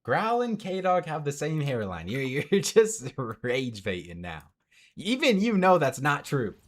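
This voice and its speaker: A man's voice: on the high side, wildly swooping pitch, a little slow. A young man streaming from home into a headset mic, casually commenting on a match and answering chat. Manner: chatty, reads out and answers chat.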